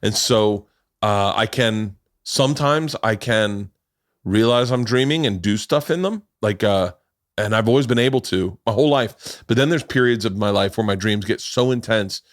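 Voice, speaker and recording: This podcast host, a middle-aged man, swears freely as he rambles through laid-back stories and performs quotes in casual chat. He speaks at a normal speed in a lowish voice, captured in a clean studio with no echo.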